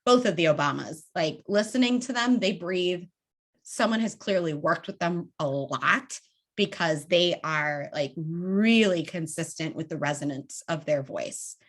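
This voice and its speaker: A woman vocal coach leading a public speaking workshop, demonstrating breathing in an animated, conversational way. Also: on the low side, a little slow.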